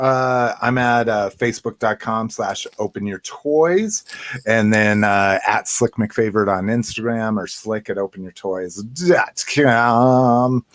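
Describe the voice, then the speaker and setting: A man hosting a podcast, laid-back and quick to laugh, asking his co-host questions. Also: medium pitch, no room sound. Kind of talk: casual podcast chat.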